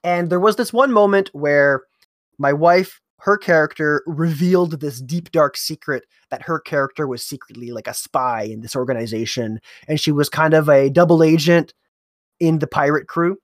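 With a fairly high pitch and moderate pace, this man describes something that happened at the tabletop role-playing game he runs. He talks conversationally, sometimes restarting hesitantly, and the sound is clean studio audio with no room sound.

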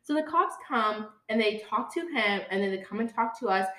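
A woman's voice: on the high side, animated, normal speed, pushed and bright. A young woman co-hosting a podcast, telling a story casually, with lots of "like", and talking straight to her listeners. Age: young adult. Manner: chatty, says "like" a lot, talks to listeners as "guys". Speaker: podcast co-host. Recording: roomy sound from a distant mic.

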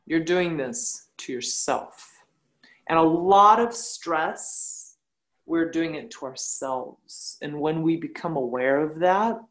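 A woman, a yoga teacher, speaking bluntly and telling animated stories in a casual podcast conversation. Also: low voice, poor audio.

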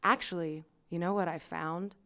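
A woman's voice: on the low side, fairly even intonation, moderate pace, sharp tone. A young woman hosting a podcast, chatting casually, giggly and rambling. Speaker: podcast host. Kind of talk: casual chat.

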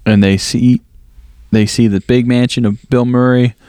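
A man's voice: medium pitch, steady tone, a little slow, dark tone, clear, resonant tone, no room sound, studio quality. A man co-hosting a casual movie podcast, recapping plot in a rambling way full of fillers and laughs. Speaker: podcast co-host. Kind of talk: casual movie review chat.

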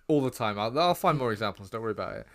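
A British man co-hosts a casual film podcast, rambling with lots of ums and likes. His voice is lowish with lively intonation, and he talks very fast.

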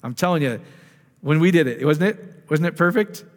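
A man's voice: a little high, animated, moderate pace. A man speaking as a ministry leader, teaching a live group in a casual, conversational way and checking in with the audience through questions. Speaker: ministry speaker leading prayer. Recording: long reverb of a hall.

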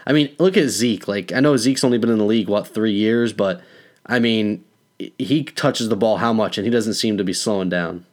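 A man's voice: lowish voice, normal speed. Laid-back young man talking sports. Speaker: podcast co-host. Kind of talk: casual sports chat.

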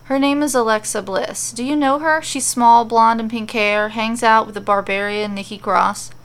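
A woman voicing an excitable, scatterbrained male wrestler hero who talks eagerly in a goofy way. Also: a little high, moderate pace, clear, resonant tone, close to an everyday voice.

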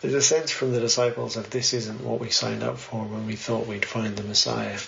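A man's voice: medium pitch, level tone, normal speed, gravelly, sharp tone. Guy preaching casually, lots of questions, dull lo-fi sound with a bit of background hiss. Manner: conversational, earnest, poses many questions. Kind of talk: sermon, Bible reading and reflection. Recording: slightly dull, faint background noise.

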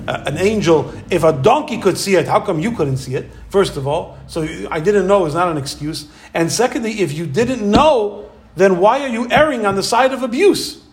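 High-voiced animated male Torah teacher. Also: a little hiss or hum. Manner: animated storyteller acting out quoted voices. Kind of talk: Torah lecture.

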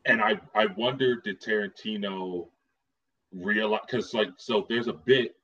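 A man's voice: fairly low pitch, a little slow, a bit bright, slightly rough. A man co-hosting a podcast, chatting about films hesitantly, with many fillers. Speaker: podcast co-host. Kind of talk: casual film discussion. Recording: dull lo-fi audio.

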